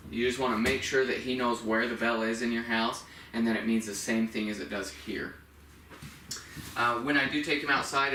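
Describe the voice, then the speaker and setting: A man's voice: mid-range voice, bright, forceful tone, slight background noise. A man working as a dog trainer, patiently explaining each step of a training demonstration indoors while praising the dog. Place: indoors by a door. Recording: echoey room, mic at a distance.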